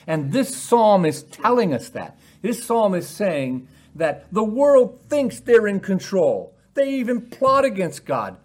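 A man preaching a sermon, posing rhetorical questions and acting out quoted lines with animated emphasis. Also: high-pitched, slightly rough.

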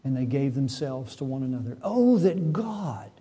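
A man's voice: medium pitch, sing-song, normal speed, mellow, slightly rough. A man preaching a sermon, reading scripture and building to fervent emphasis. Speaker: pastor.

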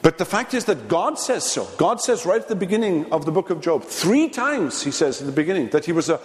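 Man preaching a midweek lecture, kinda high voice, lots of uh and restarts, big echoey church. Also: sing-song. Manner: earnest, halting delivery with frequent fillers and restarts. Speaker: preacher teaching a midweek theology class. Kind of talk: sermon lecture. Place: church sanctuary. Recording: long reverb of a large church.

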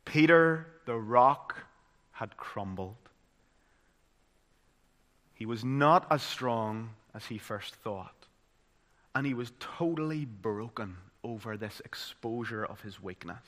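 A man with a Northern Irish accent preaching a sermon, moving from loud, dramatic emphasis to hushed, solemn tones. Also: mid-range voice, animated, slow, long pauses.

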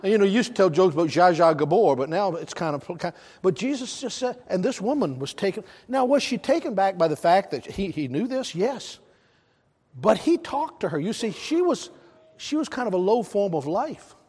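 A man's voice: high-pitched, very animated, moderate pace, a little mellow, husky. A man with a Southern US accent preaching a sermon, emphatic, counting off his points and asking the congregation questions. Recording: long reverb of a large hall.

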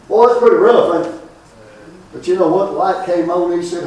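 A man preaching a funeral sermon, loud and fervent, with drawn-out lines. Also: high-pitched, fairly even intonation. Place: church or funeral hall. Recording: echoey room from far off.

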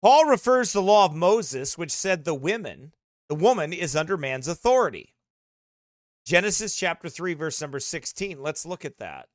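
A man's voice: on the high side, big pitch swings, normal speed, no echo, studio quality. A man preaching a fiery sermon as pastor, with mocking, sarcastic asides.

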